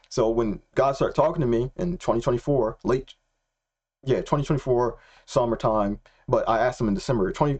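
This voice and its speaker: A young man telling a personal faith story in a casual, excitable way, slangy and repeating himself. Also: mid-range voice. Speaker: Christian vlogger.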